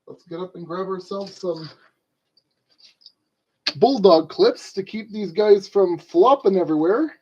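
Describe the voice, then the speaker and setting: A high-pitched man talks his way through a model kit build, unhurried and rambling. He scolds stubborn tools and pokes fun at himself. The sound is dull and lo-fi. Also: expressive, darkish tone. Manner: rambling, talks to objects, self-deprecating. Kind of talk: rambling casual build vlog.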